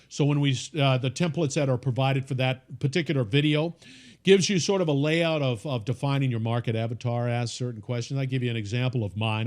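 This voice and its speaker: A man leads an informal course lesson in a relaxed, folksy manner. He drives his points home by repeating them. He often stops and restarts his sentences. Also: medium pitch. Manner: folksy, repetitive, emphatic coaching; frequent fillers and restarts. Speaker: podcast course instructor.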